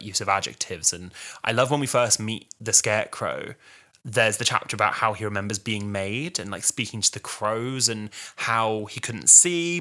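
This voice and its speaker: Chatty bright-voiced man. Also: lowish voice. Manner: chatty, animated, laughs often, acts out quotes in raised voices. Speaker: podcast host. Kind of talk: casual solo podcast talk.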